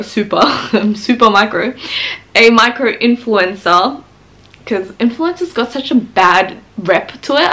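A woman in her twenties chatting excitedly in a casual home vlog, laughing often and filming on a handheld camera. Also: on the high side. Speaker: vlogger. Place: at home, indoors.

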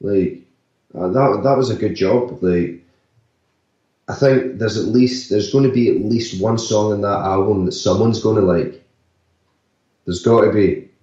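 A man's voice: on the low side, measured pace, long pauses, mellow. Man, echoey and distant. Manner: rambling, loose, many "like" and "sort of" fillers. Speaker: actor and musician, guest. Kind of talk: casual interview talk. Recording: echoey, distant, slightly dull remote audio.

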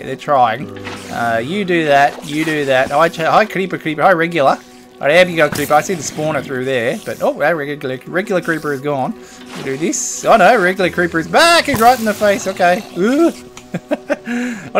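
A man's voice: fairly high pitch, fairly bright tone. A man giving casual, playful commentary over his own gameplay, chatting to the creatures on screen. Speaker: gaming video host.

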